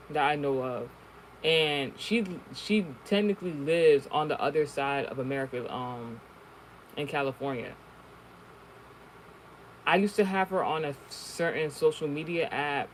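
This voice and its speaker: Animated, profane woman telling a spiritual story. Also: low voice, slight background noise, rough recording. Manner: animated, profane, full of fillers and laughs. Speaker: spiritual reader. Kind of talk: casual spiritual storytelling monologue.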